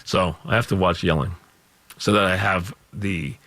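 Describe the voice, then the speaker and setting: A middle-aged man with a scratchy voice, hosting a call-in sports radio show and ranting loudly with lots of repetition. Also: deep voice, fairly even intonation, normal speed, no echo. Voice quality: gravelly, scratchy voice. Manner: loud, emphatic, repeats points. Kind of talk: call-in talk radio rant. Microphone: studio microphone.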